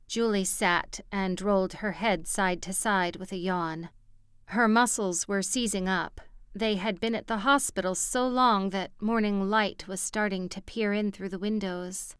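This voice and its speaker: A woman narrating a romance audiobook in a steady, even storytelling manner, on a studio mic. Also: mid-range voice, measured pace, clear, resonant tone, no echo. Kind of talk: scripted narration.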